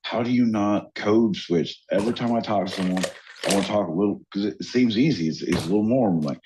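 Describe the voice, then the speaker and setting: A man's voice: quick pace, noisy background. A man hosting a podcast, teasing his co-hosts in loose comedic banter full of swearing. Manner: swearing, teasing, lively swings in pitch. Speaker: podcast host. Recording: dull lo-fi podcast audio.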